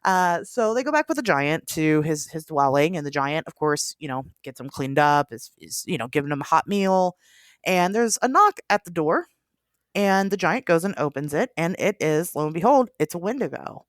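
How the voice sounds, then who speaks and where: A woman with a lowish voice hosting a podcast, telling a folktale in relaxed, chatty storytelling. She laughs easily between lines, and her voice sounds close and dry with no room echo. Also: normal speed. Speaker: podcast host. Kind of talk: casual chat and folktale storytelling.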